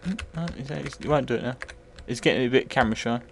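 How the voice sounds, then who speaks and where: Tipsy, sweary man with gravelly voice. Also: medium pitch, quick pace, slight background noise. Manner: sweary, rambling, bursts into excited yells. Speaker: retro game reviewer. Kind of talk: live gameplay commentary.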